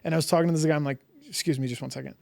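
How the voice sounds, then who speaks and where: A man with a fairly high voice talks as a podcast guest. He spins a long, casual story, packed with "like" fillers, and acts out his own reactions along the way. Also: fairly even intonation, racing, gravelly, a little mellow.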